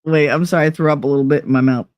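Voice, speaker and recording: A woman's voice: deep voice, steady tone, very fast, a little mellow, no echo. Young woman streaming, blunt and sweary, joking around, dead dry mic. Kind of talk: casual chat reading online quizzes aloud.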